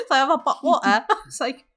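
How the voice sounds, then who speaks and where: A woman's voice: high-pitched, fairly bright tone. A woman streamer chatting casually with a friend, giggling often and swearing freely in a playful way.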